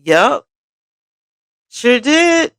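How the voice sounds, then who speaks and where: A woman's voice: sits high, sing-song, drawn-out words, fairly bright tone, no room sound. A woman hosting a casual livestream, chatting expressively and talking straight to her viewers as she reads their comments. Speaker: livestream host.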